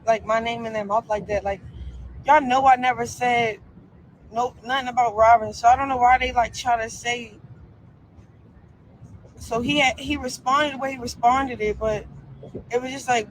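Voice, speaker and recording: A woman's voice: fairly high pitch, steady tone, moderate pace, rough recording. A young woman ranting on a live stream, defiant and profane, full of fillers. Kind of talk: casual live-stream rant.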